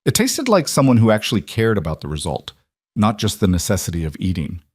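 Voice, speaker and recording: Male storybook narrator, low, steady, measured, dry sound. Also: husky, no echo.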